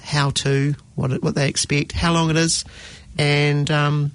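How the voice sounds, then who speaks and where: A middle-aged man hosting a casual radio show, chatty and animated, often exclaiming. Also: fairly high pitch, measured pace, dry recording. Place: radio studio.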